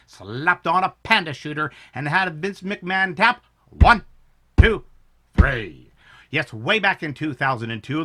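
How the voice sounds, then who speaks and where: A man hosting a playful scripted news segment with a lively announcer delivery. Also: sits high. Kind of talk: upbeat scripted news parody.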